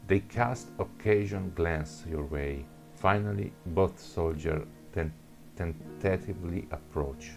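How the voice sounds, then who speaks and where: Non-native english guy reading a gamebook story, super deep slow voice, soft guitar behind. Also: gravelly. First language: not English. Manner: halting, restarts on words. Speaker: narrator. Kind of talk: second-person gamebook reading.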